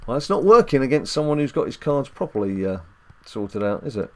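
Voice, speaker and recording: A man's voice: medium pitch, big pitch swings, a little fast, a little mellow. A man hosting a casual mobile game let's-play at home, chatty and rambling with jokes and filler ums. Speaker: dad gaming channel host.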